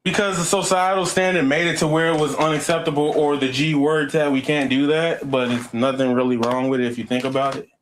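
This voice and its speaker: A man's voice: fairly high pitch, little pitch movement, a little fast, few pauses, echoey room, slight background noise. A man on a casual panel debate, joking and laughing and dodging questions. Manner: joking, laughing, evasive, trolling. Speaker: panel guest.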